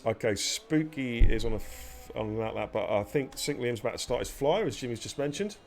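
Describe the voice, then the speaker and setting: A man's voice: medium pitch, lively intonation, a little fast, creaky, slight background noise. A man giving live sim racing commentary, chatty and bantering with viewers and his co-host. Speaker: race commentator.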